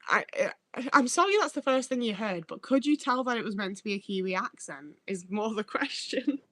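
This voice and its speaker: A woman's voice: on the high side, lively intonation, fairly quick, sharp tone, no echo. A sweary, rambling woman streamer, dry close sound. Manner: rambling, swears freely, stumbles over words. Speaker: livestreamer reading chat. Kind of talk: casual livestream chat.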